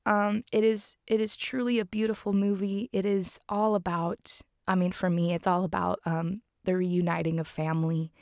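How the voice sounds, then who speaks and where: A woman's voice: mid-range voice, little pitch movement, moderate pace, hardly any pauses, a little mellow, no room sound, studio quality. A woman recapping a film in casual talk, heartfelt and rambling with many fillers. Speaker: film reviewer.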